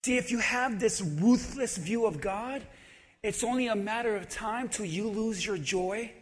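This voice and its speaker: A male pastor preaching an animated, humorous sermon that swings between shouting and quiet talk. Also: high voice, a little slow. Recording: long reverb of a large hall.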